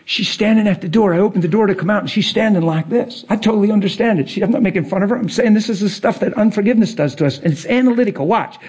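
Husky, animated male preacher. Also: high-pitched, fast talker, few pauses. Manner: animated storytelling, wide swings from hushed to loud; laughs through his words. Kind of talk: testimony sermon.

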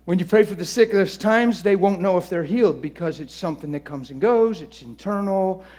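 A man preaching in an animated storytelling style, laughing and swinging between loud bursts and hushed asides. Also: high-pitched, a little fast. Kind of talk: storytelling sermon.

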